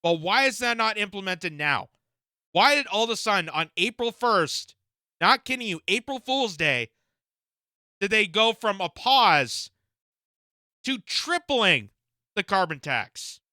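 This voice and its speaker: A man's voice: high-pitched, very animated, unhurried, long pauses, sharp tone, dry recording, clean studio sound. A man from Canada giving indignant reaction commentary, firing off rhetorical questions with frequent fillers. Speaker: political commentator.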